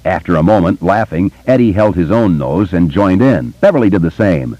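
Deep, expressive male audiobook narrator. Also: moderate pace, hardly any pauses, no echo. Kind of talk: scripted narration. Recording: dull, muffled dry recording.

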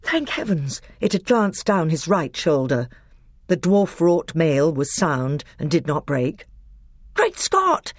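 A woman reading a storybook aloud as narrator, with expressive storytelling. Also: low voice, a little slow, dry recording, clean studio sound. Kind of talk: audiobook narration.

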